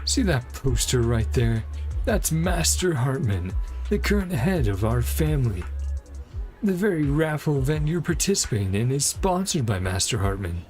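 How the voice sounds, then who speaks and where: A man's voice: mid-range voice, big pitch swings, normal speed, a little mellow, soft background music, pitched above the performer's own voice, natural voice. A man voicing an arrogant, entitled rich young man in a game, reading his lines in a haughty, indignant way.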